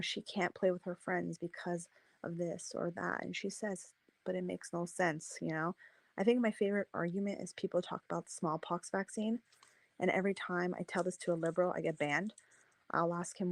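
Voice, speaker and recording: A woman telling a personal story in a casual debate, lively and acting out what people said. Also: lowish voice, no room sound, rough recording. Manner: animated, acts out quoted voices. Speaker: debate participant.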